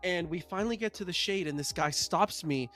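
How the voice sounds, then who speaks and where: Male podcast host, high voice, animated self-deprecating storyteller. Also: a little fast, faint music behind. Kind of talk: casual storytelling chat.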